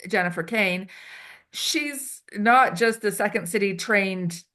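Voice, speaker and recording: A woman consultant being interviewed, chatty and animated, acting out quoted lines as she explains. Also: mid-range voice, slow pace. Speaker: HR consultant and improv performer. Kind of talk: casual interview answers. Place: Switzerland.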